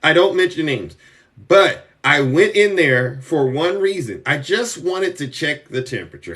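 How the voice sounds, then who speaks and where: Boastful, high-voiced male live streamer. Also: animated, measured pace, distant mic. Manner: boastful, theatrical, rising to shouts. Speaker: political commentary streamer. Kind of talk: live-stream political commentary.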